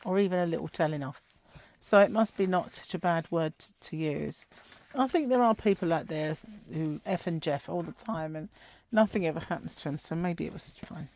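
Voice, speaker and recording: A woman's voice: low voice, moderate pace, darkish tone. A middle-aged woman chatting casually as a crochet vlogger, rambling and giggling as she tells stories. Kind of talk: casual chat.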